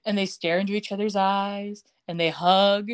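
Brief: woman, podcast co-host, lively plot recap, middle pitch, plays the characters' lines. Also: normal speed, clean tone. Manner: acts out characters' lines with shifting pitch, laughs often. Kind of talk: casual chat, animated plot retelling.

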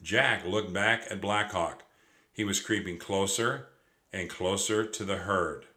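A man's voice: sits low, unhurried, bright, forceful tone. A man reading a children's storybook aloud expressively, with occasional stumbles over words. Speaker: narrator.

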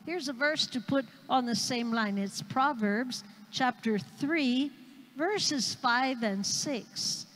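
A woman's voice: sits high, slow pace, a bit bright. A woman missionary evangelist preaching a sermon, emphatic and repeating key phrases for the congregation. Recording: long hall reverb.

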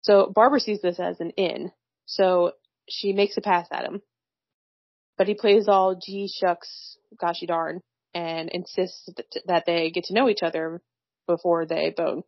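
A woman's voice: lowish voice, flat delivery, a little slow, no room sound, highs cut off. A woman co-hosting a casual chat, recapping a film plot in a wry, slangy way and laughing often. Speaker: podcast co-host recapping a film.

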